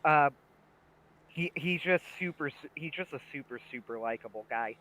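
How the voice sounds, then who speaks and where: Bright, animated young man chatting. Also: fairly high pitch, moderate pace, low-quality recording. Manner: animated, laughs often, many restarts. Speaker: livestream co-host. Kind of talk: casual chat about a TV series.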